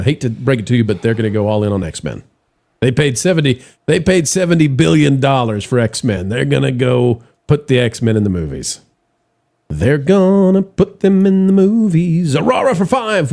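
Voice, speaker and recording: Animated male livestream host. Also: medium pitch. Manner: animated, reads viewer messages aloud. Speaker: podcast host reading super chats. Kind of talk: casual livestream chat.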